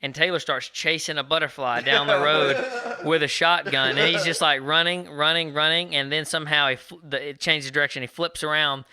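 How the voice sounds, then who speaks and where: A man, telling stories fast and acting out the quotes in a casual podcast chat. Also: fairly high pitch, clean tone. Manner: fast, animated storyteller, acts out quotes. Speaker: podcast co-host.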